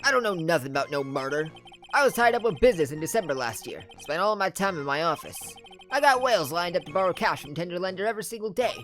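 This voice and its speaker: A woman's voice: lowish voice, very animated, fast talker, soft background music. A woman voicing a hot-tempered male loan-shark boss, using a bad Brooklyn accent and barking threats. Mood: menacing. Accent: Brooklyn, put on badly. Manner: gruff, shouting threats.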